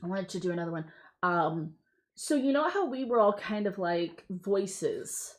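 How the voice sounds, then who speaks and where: A woman's voice: mid-range voice, animated, normal speed. An American woman co-hosting a live stream, chatting casually and reading reviews aloud with amusement. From United States. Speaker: co-host.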